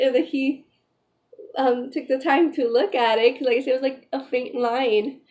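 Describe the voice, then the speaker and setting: Young pregnant woman vlogging, high voice, chatty and emotional, lots of "like". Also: fairly even intonation, moderate pace, darkish tone. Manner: chatty, emotional, filler-heavy retelling. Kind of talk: casual storytelling vlog.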